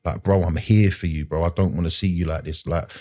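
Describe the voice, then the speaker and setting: A man tells his own story as a podcast guest. His voice sits low and mellow, and he talks in an earnest, rambling way. He is full of street slang and keeps repeating himself with "like" and "do you know". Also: fairly even intonation, fairly quick. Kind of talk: personal story in conversation.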